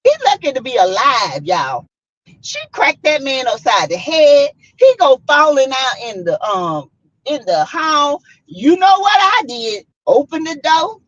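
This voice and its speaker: A woman's voice: sits high, measured pace, no room sound, highs cut off. A woman with a Southern US accent, hosting a casual chat and telling a story dramatically. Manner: animated, dramatic, acts out quotes. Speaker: vlogger host.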